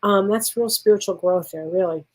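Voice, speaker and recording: A woman's voice: mid-range voice, moderate pace. A woman working as a spiritual medium, answering viewer questions on a live stream in an effusive way and calling people honey. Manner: warm, effusive, laughs often, calls people honey.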